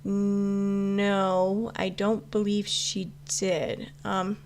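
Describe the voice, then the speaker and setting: A woman talks off the cuff to her livestream chat in a middle-pitched voice. She rambles, backs up, and restarts her sentences, with fillers all through. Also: monotone, extremely slow, a little mellow, slight background noise. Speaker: YouTube commentary host answering live chat. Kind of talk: casual live-stream chat.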